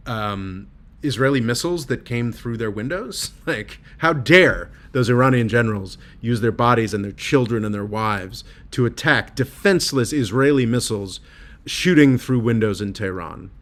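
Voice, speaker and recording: A tired man hosting a casual livestream and reading viewer comments aloud, rambling and halting with many fillers, sardonic and laughing at his own jokes. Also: mid-range voice, a bit bright. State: tired and low. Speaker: livestream host reading super chats.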